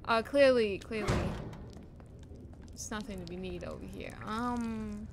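A woman streamer casually talking through a horror game, often swearing and shouting in panic when chased. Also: mid-range voice, measured pace, noisy background. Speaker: gaming streamer.

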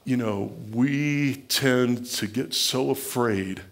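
A Midwestern American pastor delivers a sermon in a chatty, conversational way. His voice has a gravelly edge and sits at a middling pitch. He slips into the voices of the people he quotes. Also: slow pace, fairly bright tone.

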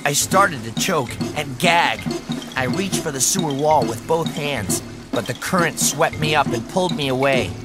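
A man's voice: fairly high pitch, animated, normal speed, loud music behind the voice, natural voice. A man doing a panicky young boy. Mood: frantic. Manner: breathless, frantic, cries out. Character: frantic panicky boy narrator Robby.

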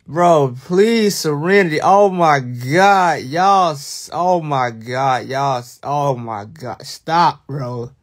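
Hosting a laid-back livestream, a young man with a drawl ribs his audience in unhurried, stretched-out speech. His voice sits slightly higher than typical for a man, and he breaks into mock alarm and easygoing teasing.

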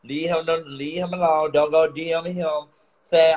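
A man's voice: a little high, steady tone, unhurried, a little mellow, rough recording. A man ranting to his viewers, upset and swearing, repeating himself. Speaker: vlogger on a live stream. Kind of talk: emotional rant to viewers.

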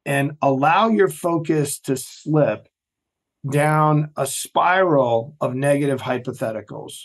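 Male podcast guest, lively storyteller, voice sits a touch high. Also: slow. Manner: animated storyteller, acts out quoted voices. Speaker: podcast guest, former Navy SEAL. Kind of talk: storytelling interview talk.

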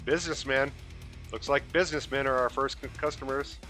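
A man hosting a relaxed gaming session, chatting casually with his co-player. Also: medium pitch, a little fast. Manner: relaxed, talkative. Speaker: host. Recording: light background metal music.

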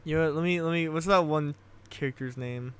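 A man's voice: fairly high pitch, fairly quick, clear, resonant tone. A young man making a casual comedic vlog and reading his own writing aloud, giggling at himself often. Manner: giggly, self-amused, restarts.

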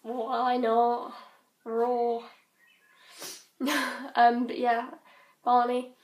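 A British teenage girl rambling casually in her bedroom, scattered and quick to giggle. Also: fairly high pitch, completely flat delivery, highs cut off. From Britain. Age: teens. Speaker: vlogger. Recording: roomy bedroom echo.

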